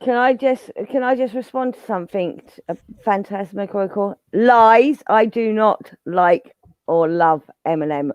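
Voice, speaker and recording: A woman on a casual live-stream chat, blunt in her opinions and quick to laugh. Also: medium pitch, clear, resonant tone, dry recording, highs cut off.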